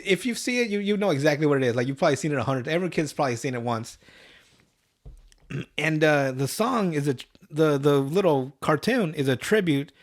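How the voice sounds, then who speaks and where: A young man hosting a podcast, casually retelling a cartoon episode with lots of swearing and laughter, jumping into raised voices for the characters' lines. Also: fairly high pitch. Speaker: podcast host. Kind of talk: casual podcast recap, profane.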